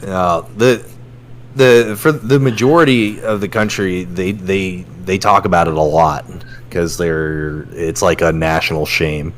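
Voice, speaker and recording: A young man with a low voice chatting easily on a podcast, chuckling as he talks. He leans on fillers like "like" and "uh," and a faint hiss sits under the recording. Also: a little slow. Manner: relaxed, chuckling, lots of "like" and "uh". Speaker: podcast co-host. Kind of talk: casual podcast chat.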